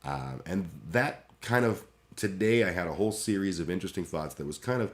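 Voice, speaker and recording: Brief: deep-voiced male streamer, casual, stop-start, self-deprecating. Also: lively intonation, fairly quick. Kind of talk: casual livestream chat.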